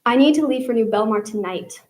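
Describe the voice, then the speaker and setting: A woman's voice: fairly high pitch, expressive, brisk, echoey room, close to an everyday voice. A woman reading aloud and voicing a determined, protective boy, speaking steadily and urgently.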